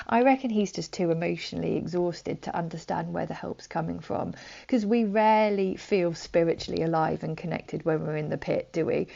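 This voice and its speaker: A woman giving a short devotional talk in a gentle, conversational way, sometimes dropping to a soft whisper. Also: lowish voice, gravelly. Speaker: preacher. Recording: dull lo-fi audio.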